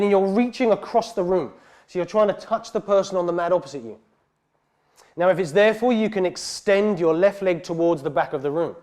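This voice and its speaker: A male yoga teacher leads a class in a heated studio, calling out each breath and pose in a steady, calm way. His voice sits a little higher than most men's. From England. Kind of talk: guided yoga class instruction.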